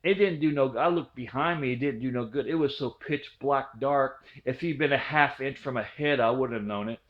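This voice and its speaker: A man's voice: medium pitch, normal speed. Rambling folksy man in his fifties. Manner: rambling and folksy, with frequent restarts. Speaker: storyteller, channel host. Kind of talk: casual spoken storytelling. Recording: dull lo-fi recording.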